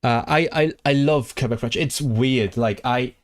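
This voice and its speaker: A man's voice: mid-range voice, measured pace. Rambling man chatting on a livestream. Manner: rambling, frequent restarts and fillers, reads chat aloud; enthusiastic about languages. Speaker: language streamer. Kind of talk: casual livestream chat.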